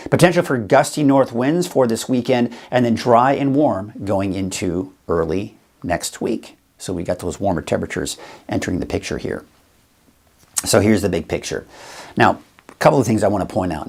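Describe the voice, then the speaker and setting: A male weather forecaster hosting a live show, talking viewers through the forecast in a chatty, explaining way. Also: on the low side. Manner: chatty, explains as he goes, addresses viewers directly.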